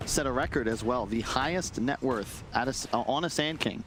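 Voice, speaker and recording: A man giving measured, analytical color commentary on a live esports match. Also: mid-range voice, noisy background.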